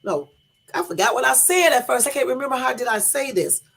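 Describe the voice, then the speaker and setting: A woman's voice: high voice, expressive, a little fast, creaky, fairly bright tone, slightly rough. A woman hosting a casual live stream, chatty, laughing at her own stumbles and talking to her viewers directly, with a Californian accent. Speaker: livestream host.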